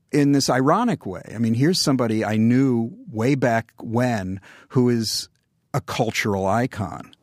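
An older man telling wry anecdotes in a relaxed interview, with dry humor. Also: on the low side, dry recording. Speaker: guest. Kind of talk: conversational interview storytelling.

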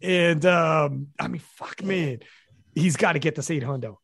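A man hosting a podcast in casual chat, telling stories in a profane, animated way. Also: a little high, measured pace, slightly rough, no echo, studio quality. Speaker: podcast host.

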